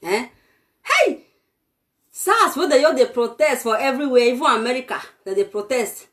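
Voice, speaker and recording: A woman's voice: high voice, expressive, normal speed, a bit bright. A Nigerian woman doing a comic impression of an arrogant, self-styled "lady of truth" who rants scornfully at her audience. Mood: taunting. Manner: mocking, scornful ranting with laughs.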